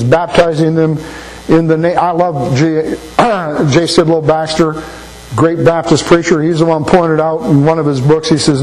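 An older man preaches in a folksy, storytelling way, stumbling over and repeating words as he gathers his thoughts. His voice sits a little high for a man, and a faint electrical hum runs under the recording. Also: darkish tone, poor audio. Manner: folksy, anecdotal, repeats words while thinking. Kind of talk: sermon.

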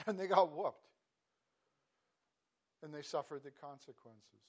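Earnest, halting man preaching a sermon. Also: on the high side. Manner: earnest, halting with repeated restarts, rising to emphatic bursts. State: choked up. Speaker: pastor. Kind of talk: devotional sermon.

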